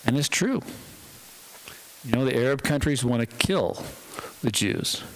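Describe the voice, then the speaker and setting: Lively guy preaching a sermon in church, chatty, dramatic pauses, pitch jumps all over. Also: slight background noise, poor audio. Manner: animated, conversational, dramatic pauses. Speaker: pastor.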